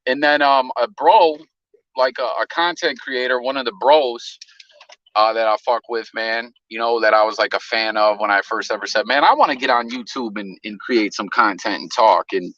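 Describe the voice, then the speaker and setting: A man's voice: medium pitch, moderate pace, a bit bright, no echo, dull audio. A man hosting a casual live stream, telling stories loosely with slang and profanity.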